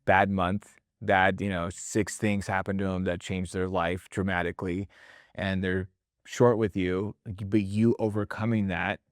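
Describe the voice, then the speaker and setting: Lively low-voiced man telling stories. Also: measured pace, dry recording, clean studio sound. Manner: animated storyteller, acts out quotes, tags lines with "right?"; casual, mild swearing. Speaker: restaurant leadership founder and host. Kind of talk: casual podcast conversation.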